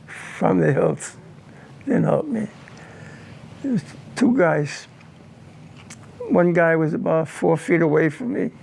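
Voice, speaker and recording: An older war veteran recalls a personal wartime memory during an interview, speaking gravely and haltingly and often repeating himself. His voice is on the high side, creaky, with a darkish tone.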